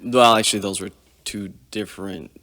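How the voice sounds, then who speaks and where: A man in his forties, guesting on a podcast, tells army stories casually and vividly, swearing often. His voice is on the low side and steady, with a moderate pace and a bright, forceful tone, and the recording carries a long hall reverb.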